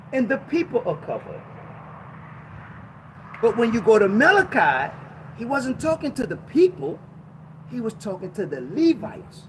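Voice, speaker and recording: Male preacher, very high and animated voice, exhorting, slow scripture reading. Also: a little hiss or hum, rough recording. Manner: exhorting, reads scripture slowly and repeats lines. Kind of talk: sermon teaching.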